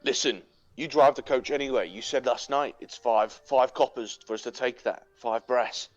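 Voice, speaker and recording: A man's voice: mid-range voice, moderate pace, dry recording, muffled recording. Eager, persuasive man at a tabletop game. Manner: eager, persuasive, talks in character. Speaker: player. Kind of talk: tabletop role-play.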